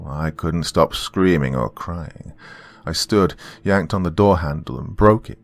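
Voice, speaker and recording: A man hosting a horror podcast, narrating a first-person horror story in a slow, brooding way. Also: low voice.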